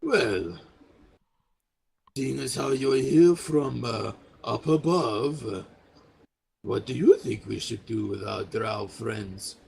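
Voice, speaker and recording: A man's voice: mid-range voice, slow, gravelly, darkish tone, slight background noise. A man voicing a sly, mustached male figure who speaks in a knowing, mocking tone in a tabletop game.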